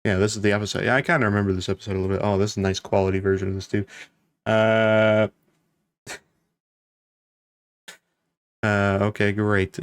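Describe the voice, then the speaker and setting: A man's voice: fairly low pitch, flat delivery, a little fast, pauses often, smooth, no room sound, studio quality. A young man chatting casually on a live stream, rambling, laughing often and swearing now and then.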